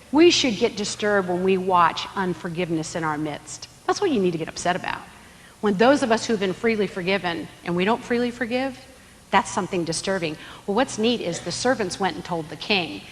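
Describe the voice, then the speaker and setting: Woman Bible teacher, high voice, lively storyteller who acts out the lines, in a big echoing hall. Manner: animated storyteller who acts out quoted characters in a raised voice. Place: room with a live group.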